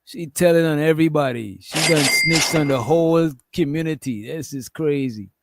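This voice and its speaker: A man's voice: on the high side, normal speed, over music. A man casually commenting and joking in slang while reacting to a video. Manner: laid-back, joking slang.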